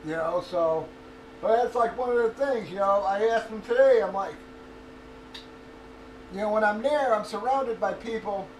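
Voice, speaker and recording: A middle-aged man talking casually and bluntly, swearing and laughing often as he vents about his cancer treatment. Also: sits high. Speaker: livestreamer. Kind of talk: casual chat. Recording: roomy echo, distant from mic, faint noise.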